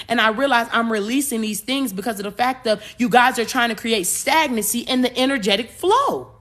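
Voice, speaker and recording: A woman hosting a podcast, speaking. She talks in an animated way, repeating words and slipping into acted-out voices. Her voice is bright and sits fairly high. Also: brisk, hardly any pauses. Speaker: podcast host. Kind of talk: spiritual talk monologue.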